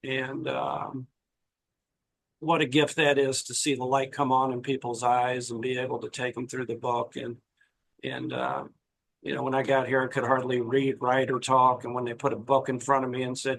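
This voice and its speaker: A man giving a personal recovery share at a meeting, halting, with many fillers and restarts. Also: mid-range voice, fairly even intonation, creaky, a bit bright, low-quality recording. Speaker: meeting attendee sharing.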